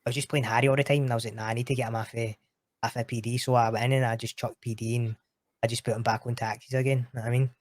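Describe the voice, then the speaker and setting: Rapid-fire and mid-range, with little movement in pitch, a Scottish man chats casually on a podcast as a guest. He's a roleplay streamer who uses slang, laughs a lot and swears freely. The recording has no room sound.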